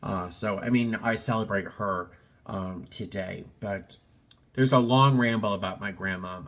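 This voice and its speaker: A middle-aged vlogger with a lowish, fairly bright voice talks a little slowly in a casual personal vlog. He's reflective and rambling, with many fillers and restarts, and sounds a little choked up.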